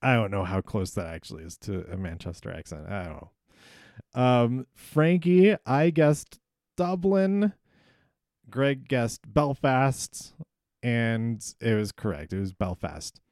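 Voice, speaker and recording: A man talks slowly and loosely, stopping often to restart his sentences. His voice sounds smooth and clean. It is recorded close and dry, with no room echo. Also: mid-range voice, lively intonation, a little mellow. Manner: rambling, hesitant, many ums and restarts. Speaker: podcast host. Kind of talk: casual solo recap.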